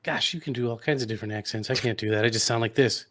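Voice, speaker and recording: A man co-hosting a podcast, mostly chiming in with short reactions and the occasional question. His voice sits at an ordinary middle pitch and he speaks plainly. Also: rapid-fire, fairly bright tone. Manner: brief reactive interjections. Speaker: podcast co-host. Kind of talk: casual podcast chat.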